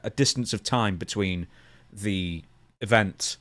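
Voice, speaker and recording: Low-voiced man, dry close sound. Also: a little slow, a bit bright, dry recording. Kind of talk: casual podcast chat.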